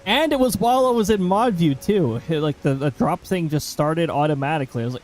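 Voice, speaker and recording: A man's voice: a little high, lively intonation, fairly quick, a little mellow, rough recording. A man streaming a game, chatting casually with rambling asides.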